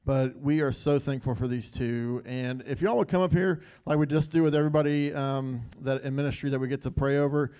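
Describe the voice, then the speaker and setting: Mellow-voiced man praying earnestly. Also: mid-range voice, fairly even intonation, brisk, few pauses, smooth. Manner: earnest, says God between phrases, hesitant ums. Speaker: church member leading prayer. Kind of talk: spontaneous prayer. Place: church sanctuary.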